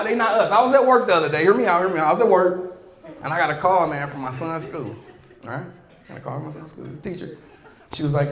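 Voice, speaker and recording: A male stand-up comedian from St. Louis, Missouri, shouts through a set on a comedy club stage before a live crowd. His high-sitting voice is animated and fast, and his crowd work is loud, crude, and playful, with shouted punchlines. The echoey club recording is filled with a roaring audience.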